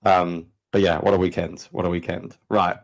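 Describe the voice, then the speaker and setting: A man in his thirties with a London English accent, co-hosting a podcast and telling stories in a fast, animated way. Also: sits low. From England. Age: 30s. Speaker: podcast co-host. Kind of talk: casual chat.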